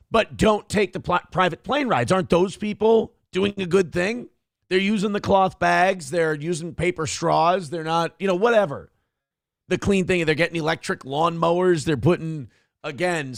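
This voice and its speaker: A man's voice: high voice, gravelly, dry recording, studio quality. A man hosting a show, mocking a clip he reacts to in casual, profane commentary.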